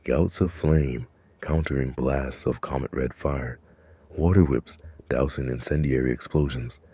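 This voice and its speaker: Very deep, husky male narrator. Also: dark tone, no echo. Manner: measured, dramatic storytelling. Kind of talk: scripted narration.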